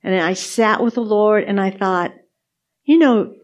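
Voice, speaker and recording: A woman's voice: mid-range voice, lively intonation, unhurried, muffled recording. A woman co-hosting a podcast, sharing faith testimonies in casual chat, earnest and repeating words for emphasis. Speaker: podcast co-host.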